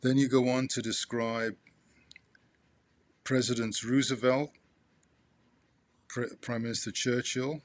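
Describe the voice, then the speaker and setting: A man reading a memoir aloud to his father, halting with restarts and turning asides to the listener as "you". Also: mid-range voice, little pitch movement.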